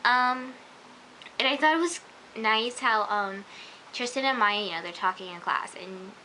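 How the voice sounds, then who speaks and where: A young woman talks through a TV episode in a casual, gushing vlog. Her voice sits fairly high and sounds bright and crisp. She leans hard on "like" and "oh my gosh," and a faint hiss runs under the recording. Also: measured pace, rough recording. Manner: gushing, chatty, many "like" and "oh my gosh". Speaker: vlogger.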